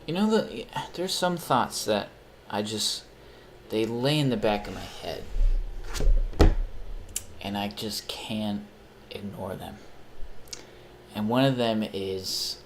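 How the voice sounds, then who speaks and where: A man's voice: lowish voice, slow pace, pauses often, a little hiss or hum. A young man chatting casually on a live stream while he plays games, rambling, swearing freely and poking fun at himself. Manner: rambling, profane, self-mocking.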